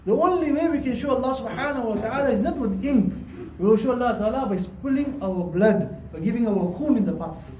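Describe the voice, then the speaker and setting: A man preaches a Friday sermon, his voice strikingly high and mellow. He repeats his points earnestly and slips in Arabic and Urdu phrases. He is heard from a distance in a reverberant mosque hall with faint ambience behind him. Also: lively intonation, fast talker, slight background noise. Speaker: imam. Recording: echoey hall, distant mic.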